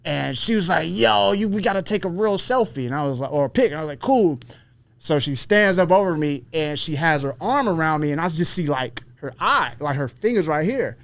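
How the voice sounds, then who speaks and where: A man with a fairly high voice tells a story in loose, casual chat. He swears freely and acts out the voices of the people he quotes. The sound is dry and close. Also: expressive, a little fast, fairly bright tone, no echo. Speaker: podcast guest, fighter.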